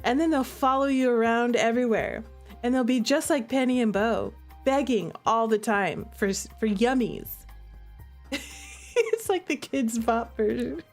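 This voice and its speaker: A woman's voice: on the high side, measured pace, soft background music. A woman streamer in casual chat at home, playful and giggly as she chats with her pets and coaxes them. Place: room at home.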